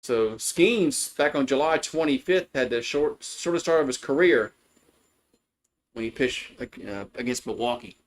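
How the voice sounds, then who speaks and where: Casual male play-by-play caller, mid-range voice, chats with viewers between pitches. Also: expressive, a little slow, rough recording. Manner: chatty, loose, greets chat viewers between pitches. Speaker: play-by-play commentator. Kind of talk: casual live baseball commentary.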